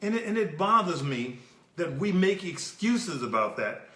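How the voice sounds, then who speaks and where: Man, fitness coach, passionate, emphatic, bright tone, echoey. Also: high voice, very animated, measured pace. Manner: emphatic, preachy, repeats words when he starts a sentence. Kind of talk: passionate talk.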